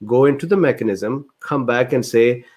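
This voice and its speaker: A man hosting a livestreamed medical Q&A, reading viewer questions aloud and answering them. His voice sits at a medium pitch, and an indignant, exasperated edge runs through his explanations. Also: normal speed, a little mellow. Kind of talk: livestreamed Q&A lecture.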